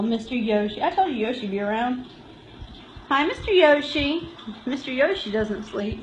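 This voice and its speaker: A woman's voice: high voice, reverberant, muffled recording, slight background noise. A woman giving a casual live tour of a cat shelter room, talking to the cats in a cooing, laughing way, filmed on a handheld phone. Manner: cooing baby-talk to cats, frequent laughs.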